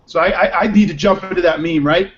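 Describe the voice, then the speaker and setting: Male podcast host, upbeat and joking, higher voice, dull audio. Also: steady tone, quick pace, a little hiss or hum. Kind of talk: casual chat. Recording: muffled lo-fi audio.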